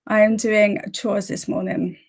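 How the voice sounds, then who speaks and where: A woman's voice: medium pitch, little pitch movement, a little slow. A woman hosting a casual livestream, greeting viewers by name and chatting about her plans. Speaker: livestream host.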